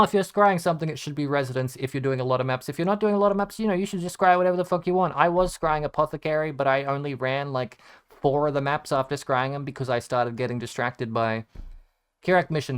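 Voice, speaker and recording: Guy rambling thru his game commentary, swears a lot, mocks himself, smooth clear voice. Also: fairly high pitch, fast, fairly bright tone. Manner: rambling, profane, sarcastically self-deprecating. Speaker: gaming content creator. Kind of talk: casual gameplay commentary.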